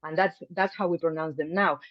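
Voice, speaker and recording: A woman's voice: low-pitched, steady tone, brisk, no echo. A woman teaching an online language class in a friendly, chatty way, full of ums and restarts. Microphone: video call mic. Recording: dull, dry video call audio.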